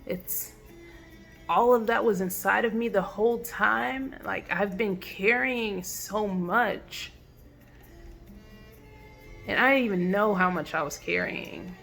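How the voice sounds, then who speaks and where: A woman telling a personal story in a reflective, halting way, with many fillers and restarts. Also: medium pitch, vocal fry, fairly bright tone, faint music behind. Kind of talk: personal testimonial monologue.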